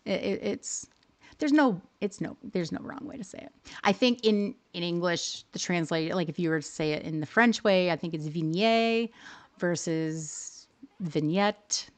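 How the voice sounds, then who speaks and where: A woman's voice: on the low side, moderate pace. A woman hosting a live stream, casually explaining how to use in-game photo settings and often rephrasing herself as she goes. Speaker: livestream host teaching game photo editing.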